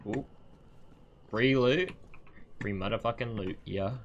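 A man streaming a video game, talking to his viewers in loose, casual commentary. He bursts into excited, foul-mouthed reactions. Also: fairly low pitch, slow, lo-fi sound, a little hiss or hum.

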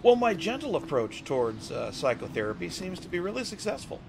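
A man's voice: high-pitched, sing-song, brisk, creaky, noisy background. Sarcastic man commenting on gameplay. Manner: sarcastic, joking asides. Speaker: let's play gamer. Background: game music.

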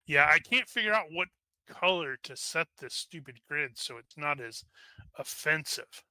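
A man runs a tabletop game, narrating in a loose, rambling way full of fillers and restarts. His voice sits a bit high and sounds very bright and crisp, with a dry, close sound. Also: animated, a little slow, no room sound. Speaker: game master.

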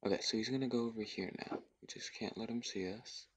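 A young man in casual gameplay commentary, thinking aloud in a hushed, often whispered voice, repeating himself as he works things out. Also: fairly low pitch, steady tone, fast, husky, no room sound. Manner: thinks aloud, repetitive and tentative. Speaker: gaming YouTuber.

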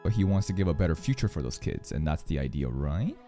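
Over music, a man with an extremely low-pitched voice reacts quickly to an anime episode. His casual commentary is full of swearing and rambling tangents, with animated storytelling throughout.

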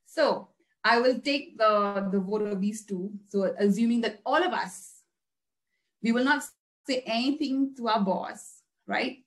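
A woman's voice: on the high side, a little slow. A woman teacher giving an interactive class, asking her listeners questions and repeating herself as she explains. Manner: asks the class questions, repeats words, animated. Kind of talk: interactive online class talk.

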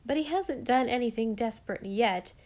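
Woman reading as a sure-of-herself little girl, brisk and a bit bossy. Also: on the high side, a little mellow, close to an everyday voice. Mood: assured. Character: bossy, confident young girl.

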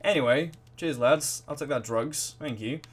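A man giving excitable, rambling let's play commentary full of swearing and reactions to the game. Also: medium pitch, normal speed, slightly rough. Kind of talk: gaming commentary.

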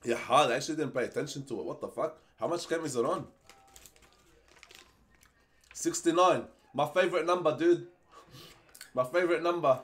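A young man streaming live, chatting casually and excitedly as he opens game packs, swearing freely and pleading for good luck. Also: fairly high pitch, moderate pace, long pauses.

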